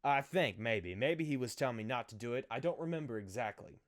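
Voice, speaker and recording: A young man telling a childhood story in a casual, animated, self-mocking way, acting out the other people's voices. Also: mid-range voice, quick pace. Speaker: vlogger.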